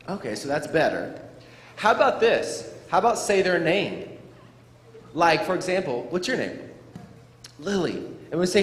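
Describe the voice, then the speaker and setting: Motivational speaker, male, playful and high-voiced, heard in a reverberant hall. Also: sing-song, unhurried, a bit bright. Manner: playful, acts out scenes for children. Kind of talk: animated school assembly talk. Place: school gym or auditorium. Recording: echoey hall, faint crowd noise.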